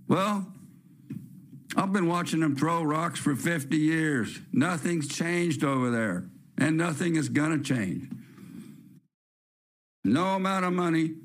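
An older man with a slightly high voice hosts a talk-radio show in a blunt, rambling rant. He jumps from one complaint to the next and keeps his opinions loud and plain. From California. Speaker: host. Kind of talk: ranting talk-radio monologue.

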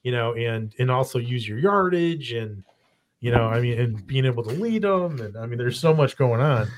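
A man's voice: mid-range voice, lively intonation, moderate pace, slight background noise. An American man chatting casually about duck hunting, rambling with many fillers and restarts. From United States. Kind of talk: casual chat.

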